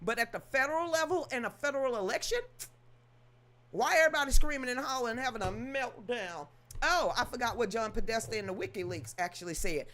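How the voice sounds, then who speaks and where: A woman's voice: high voice, sing-song, normal speed, fairly bright tone. A woman hosting casual political commentary, sassy and exasperated, mocking the people she talks about.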